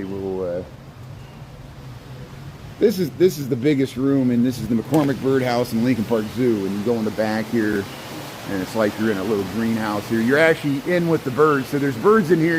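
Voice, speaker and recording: Man, casual tour vlogger, greets animals, rambling and repetitive, mid-pitched, noisy handheld sound. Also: brisk. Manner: chatty, talks to the animals, trails off and repeats words. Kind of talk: casual walking tour narration. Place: indoor zoo birdhouse.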